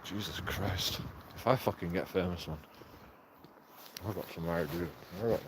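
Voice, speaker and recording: A man's voice: low voice, normal speed, noisy background. A man, rambling and swearing in a casual vlog monologue with frequent chuckles. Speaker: vlogger.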